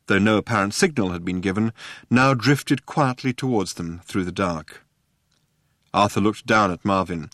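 A male audiobook narrator with a low voice, reading in a measured and dry way. The recording is close with no room sound. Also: a bit bright, no echo.

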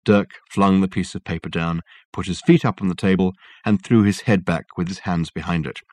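Low-voiced man narrating a novel. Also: moderate pace, darkish tone, no room sound, clean studio sound. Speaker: audiobook narrator. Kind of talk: scripted narration.

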